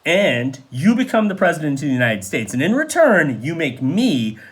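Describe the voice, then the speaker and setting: A man voicing a scheming male politician who quietly coaxes a rival into a deal. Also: fairly high pitch, very animated, moderate pace. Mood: coaxing.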